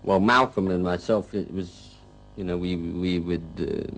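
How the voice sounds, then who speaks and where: A male rock guitarist reminiscing in a casual interview, rambling and halting and saying "you know" again and again. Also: low-pitched, fairly even intonation, faint music behind, poor audio.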